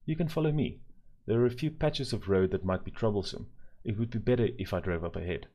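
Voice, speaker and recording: A man voicing a polite, capable boy who explains things calmly. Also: on the low side, quick pace.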